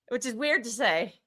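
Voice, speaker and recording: Excitable woman co-host, live football watchalong, lively and bright. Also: fairly high pitch. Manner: excitable, swears freely, reacts to every play. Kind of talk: live match watchalong commentary.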